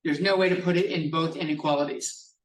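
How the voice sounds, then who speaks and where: Heard from afar in an echoey classroom, a man teaching math explains things step by step, casual and occasionally profane. He speaks briskly, his voice a little high and his tone steady.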